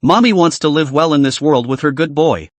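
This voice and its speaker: A man's voice: a little high, a little fast, no room sound, close to an everyday voice. A man voicing a ghost mother who dotes on and mocks her son, in a cooing manner, as part of a recap reading. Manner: cooing, doting, mocking. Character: sweetly menacing ghost mother, woman.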